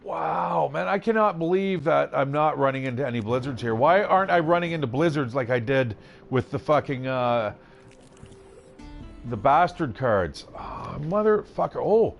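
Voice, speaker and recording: A man's voice: on the high side, lively intonation, moderate pace, gravelly. A man giving casual gameplay commentary, swearing freely and reading the game's text aloud as he plays. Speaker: gaming channel host.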